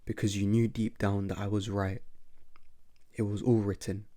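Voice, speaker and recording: Ruthless ex-spy villain, hushed and cold, read by a man, lowish voice. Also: little pitch movement, normal speed, natural voice. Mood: menacing. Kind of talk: amateur dramatic reading.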